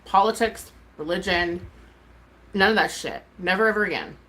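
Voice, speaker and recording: A woman's voice: medium pitch, moderate pace, a bit bright. A woman, a mom and streamer, ranting casually to her viewers, exasperated and swearing freely with lots of "like". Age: adult mom. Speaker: YouTuber and streamer.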